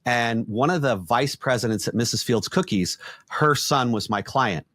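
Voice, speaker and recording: A middle-aged man, an executive coach, telling blunt, animated stories in a podcast conversation and acting out the quotes. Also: medium pitch, normal speed, no echo.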